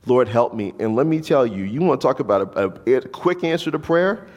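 A man's voice: medium pitch, animated, fairly quick, a little mellow, big-room sound, muffled recording. A man preaching a sermon, telling a story and acting out the voices of the people in it. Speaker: pastor.

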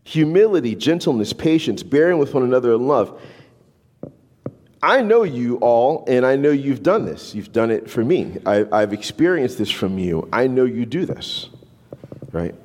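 A man preaching a sermon as a pastor, conversational and animated, tagging his points with "right?". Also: mid-range voice, moderate pace. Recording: long reverb of a large hall.

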